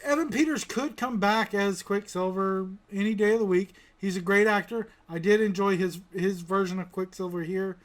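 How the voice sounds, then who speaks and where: A man with a notably high voice, hosting a loose review podcast. He rambles, restarts his sentences and swears casually as he goes. He grew up in the American South. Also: moderate pace, hardly any pauses. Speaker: podcast host. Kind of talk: casual pop-culture review chat.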